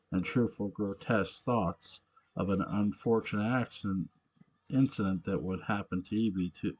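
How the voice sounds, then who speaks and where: A man reading a story aloud, halting and often correcting himself mid-sentence. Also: fairly low pitch, a little mellow. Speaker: narrator.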